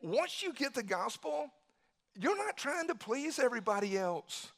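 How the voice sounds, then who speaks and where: A man preaching a sermon, swinging from quiet musing to loud bursts and repeating phrases for emphasis. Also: very high voice, big pitch swings, measured pace. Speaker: pastor.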